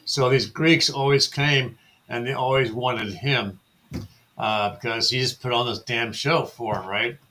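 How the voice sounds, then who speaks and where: A man's voice: medium pitch, unhurried, bright, forceful tone, slight background noise. A man in casual chat, telling a rambling anecdote full of hesitations, fillers and the odd curse word.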